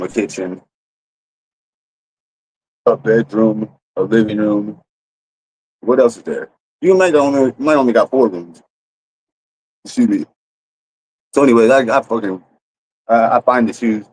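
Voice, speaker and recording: A man's voice: on the low side, a little mellow, slightly rough, poor audio. A man telling a rambling, profane story to his livestream audience in a casual way, full of restarts. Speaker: streamer.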